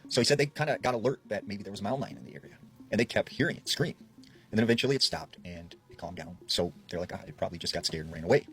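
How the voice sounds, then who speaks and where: A man's voice: quick pace, soft background music. A man casually retelling creepy campfire stories, dropping his voice to quote people. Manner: relaxed retelling, quoting people in a lowered voice. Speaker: storyteller. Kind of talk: casual spoken storytelling.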